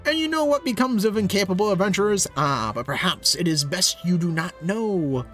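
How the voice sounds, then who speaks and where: A man's voice: lively intonation, moderate pace, fairly bright tone, soft background music. Game NPC: pompous guild official, looks down on you, voiced by a man. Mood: condescending. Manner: pompous, lofty, swinging pitch.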